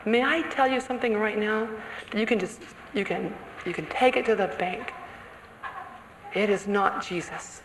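A woman preaching a sermon to other women, animated and storytelling, sometimes acting out an accusing inner voice. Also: mid-range voice, moderate pace. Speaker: women's conference speaker. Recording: echoey hall with faint room noise.

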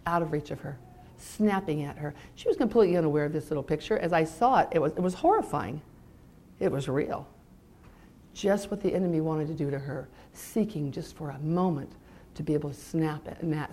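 Fervent woman preaching a testimony. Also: lowish voice. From California. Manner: emotional storytelling that swings between bright emphasis and hushed intensity. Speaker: mother giving a Christian testimony. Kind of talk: sermon-style personal testimony.

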